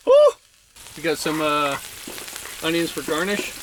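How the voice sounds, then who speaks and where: A middle-aged man hosts a camping vlog, easygoing and jokey as he cooks. His voice sits a bit high for a man. He is recorded in a heated winter tent with clear noise behind him. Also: huge pitch swings, a little slow. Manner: easygoing, jokey, chatty while cooking. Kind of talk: casual cooking vlog chat. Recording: noisy outdoor camp audio.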